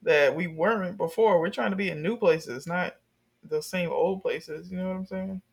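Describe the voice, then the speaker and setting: A young adult in a casual chat, telling a story with lively energy and plenty of swearing. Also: medium pitch, normal speed, gravelly, breathy edge. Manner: animated storyteller, swears freely.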